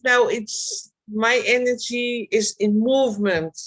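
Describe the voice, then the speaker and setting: Woman, slow, halting, heartfelt, group video call. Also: on the high side, fairly even intonation, low-quality recording. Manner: slow, halting, heartfelt, non-native phrasing. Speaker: circle participant. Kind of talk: personal sharing in a group call.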